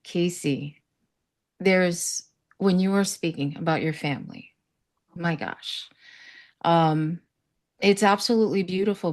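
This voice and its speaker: The speaker is a woman with a low-pitched, darkish voice, sitting on a summit panel. In relaxed conversation, this South Florida native recounts earnest, faith-filled stories, acting out quoted voices.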